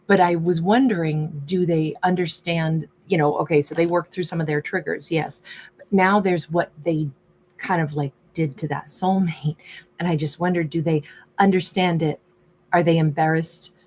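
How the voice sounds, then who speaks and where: A woman's voice: low voice, fairly even intonation, moderate pace, darkish tone, a little hiss or hum. A woman giving a casual tarot reading, musing aloud in a chatty way and often voicing the subject's thoughts. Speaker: tarot reader.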